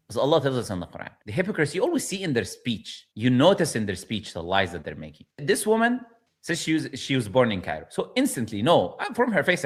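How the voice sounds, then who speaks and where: A man whose first language is Arabic delivers preachy video commentary, pressing his point with rhetorical questions. His voice is husky and of middling pitch, and it rises and falls a lot as he insists. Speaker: religious commentator.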